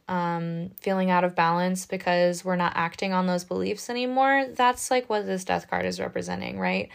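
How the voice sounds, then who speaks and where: Chatty woman reading tarot, soft and reassuring, mid-pitched voice, lots of "like" and "right?". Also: gravelly, clean tone. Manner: gentle and reassuring, chatty with many "like" and "right?" asides. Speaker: tarot reader. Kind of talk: casual spoken tarot reading.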